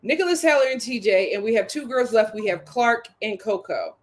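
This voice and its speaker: Animated woman, high and lively, laughs through her reality-show recap. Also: a little fast. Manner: laughing, exclaiming, repeating lines for emphasis.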